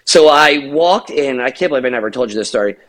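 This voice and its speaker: A man's voice: mid-range voice, lively intonation, fast talker, fairly bright tone. A middle-aged man co-hosting a podcast, telling a rambling, profane story with laughs. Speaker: podcast co-host. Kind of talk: casual storytelling.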